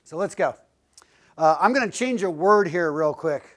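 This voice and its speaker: A man's voice: high voice, animated, moderate pace, fairly bright tone. A man giving a casual, joking motivational talk as a guest speaker to a class, blunt and a little profane. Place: classroom lecture.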